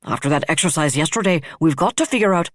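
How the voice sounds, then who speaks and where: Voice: medium pitch, lively intonation, fast, no room sound, studio quality, close to an everyday voice. A narrator voicing a no-nonsense male staff officer who talks bluntly and to the point. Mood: eager. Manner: blunt and focused.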